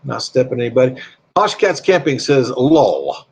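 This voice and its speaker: A man's voice: medium pitch, expressive, fairly quick, creaky, husky. Rambling chatty man hosting a live stream. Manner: rambling, reads viewer comments aloud; chatty and friendly with viewers. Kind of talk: casual live-stream chat.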